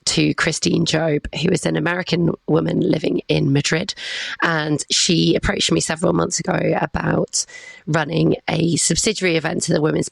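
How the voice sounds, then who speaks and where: A woman talks through a summer cold, her voice husky and heavy with gravelly fry. She chats as a podcast guest, upbeat and quick to laugh. The sound is close and dry. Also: deep voice, no echo. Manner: chatty, upbeat, laughs easily. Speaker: guest, awards organiser. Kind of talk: casual interview chat.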